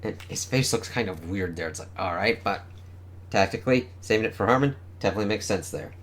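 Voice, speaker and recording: A man's voice: lowish voice, quick pace, fairly bright tone. Offhand, swearing male comic reviewer. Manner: offhand and profane, reading panels aloud. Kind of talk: casual spoken review.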